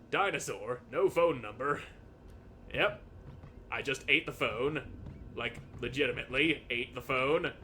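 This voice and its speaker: A man's voice: medium pitch, bright, forceful tone, a little hiss or hum. A young man casually narrating a video game playthrough, playfully reading the game text aloud. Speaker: game streamer. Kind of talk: casual let's-play narration.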